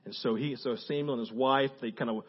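A man preaching a sermon as pastor, animated and conversational with asides. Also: mid-range voice, a little fast, slightly rough, muffled recording. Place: church.

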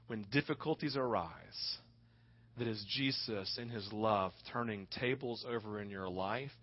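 A male pastor preaching a sermon with impassioned, dramatic storytelling, often asking his listeners "right?". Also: medium pitch. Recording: dull lo-fi recording.

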